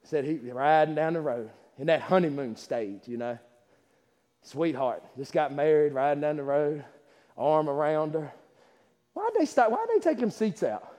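A man preaching a sermon, who swings from loud climaxes to quiet asides and laughs while telling stories. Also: fairly high pitch, expressive, moderate pace. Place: church sanctuary. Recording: long hall reverb.

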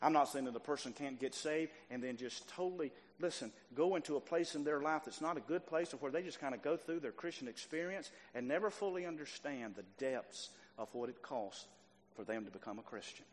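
A man preaching a sermon, emphatic and repetitive, swinging from quiet stretches to loud bursts. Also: on the high side, animated, fairly quick. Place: church sanctuary. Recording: long reverb of a hall.

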